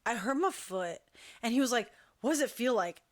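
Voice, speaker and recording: Chatty high-voiced young woman. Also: normal speed. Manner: chatty, animated, quotes people in a lowered voice. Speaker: talk show host. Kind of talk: casual storytelling.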